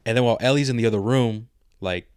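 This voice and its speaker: A man's voice: medium pitch, fast, a little mellow, clean tone, no echo, clean studio sound. A man co-hosting a podcast in casual chat, rambling in slang and retelling scenes with quoted lines. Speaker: podcast co-host.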